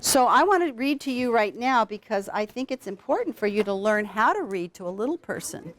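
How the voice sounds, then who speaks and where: A woman teaching a class of students how to read aloud to young children, with an animated, coaxing teacher's voice. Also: fairly high pitch, a little fast, slight background noise. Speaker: literacy program founder teaching students.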